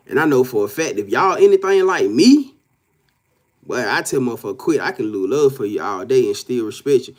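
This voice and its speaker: A man's voice: mid-range voice, expressive, a little fast. A man giving a casual live-stream tarot reading, talking straight to his viewers in a profane, emphatic way, repeating himself and often laughing. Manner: profane, emphatic, keeps addressing viewers directly. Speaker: tarot card reader.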